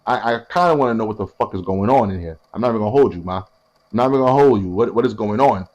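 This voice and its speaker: A man's voice: fairly low pitch, very fast, muffled recording. Young guy telling a wild story, swearing a lot, doing everyone's voices. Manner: animated, profane, acts out other people's lines. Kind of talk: casual storytelling.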